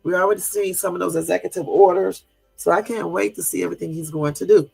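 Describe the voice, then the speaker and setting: A man's voice: sits high, fairly even intonation, fast, vocal fry, darkish tone, husky, soft background music. A man hosting a casual livestream, talking in an indignant, rambling way with many fillers and chatting with his viewers. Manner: chats with and answers live viewers. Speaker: livestream host.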